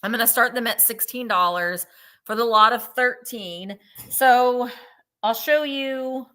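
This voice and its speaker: A woman co-hosts a livestream sale, chatting her way through a lot of candy pieces. Her voice is bright and forceful, pitched a little high, and her delivery is upbeat. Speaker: live sale host.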